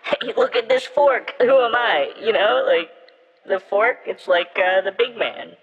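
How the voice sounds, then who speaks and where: A man's voice: high voice, unhurried, breathy edge, long reverb tail, heavily acted. A man voicing a goofy male demon looter who drawls jokes. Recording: muffled phone recording.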